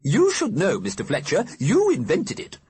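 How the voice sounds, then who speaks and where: A man's voice: high-pitched, huge pitch swings, normal speed, a little mellow, a little hiss or hum, voice pushed up. A man reading an audiobook, voicing an imperious, bossy dead lady with a pompous, commanding manner.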